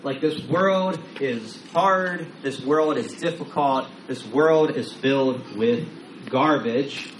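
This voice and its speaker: A pastor preaches a casual, conversational sermon, repeating words often and acting out quotes. His mid-range voice is slow, and the recording has a roomy echo with faint room noise.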